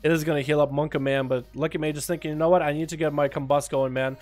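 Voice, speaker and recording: A man giving live play-by-play commentary on a game match, with sudden excited bursts. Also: fairly high pitch, fast, faint music behind. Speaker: esports caster.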